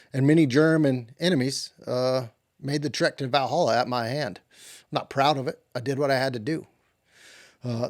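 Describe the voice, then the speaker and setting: A man's voice: medium pitch, a little mellow, natural voice. A man voicing a boastful, touchy cowboy who tells tall tales of his military service in a rambling, put-on accent. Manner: rambling, swaggering bravado.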